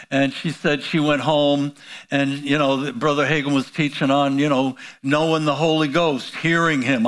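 A man's voice: a little high, little pitch movement, a little slow, a bit bright, clean tone. A man preaching a sermon, prompting the congregation with call-and-response questions and exclaiming hallelujah. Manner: frequent "you know" fillers, exclaims hallelujah.

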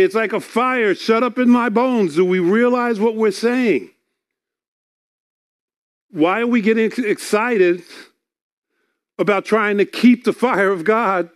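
Man, high voice, earnest sermon, reads scripture, repeats words. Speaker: preacher.

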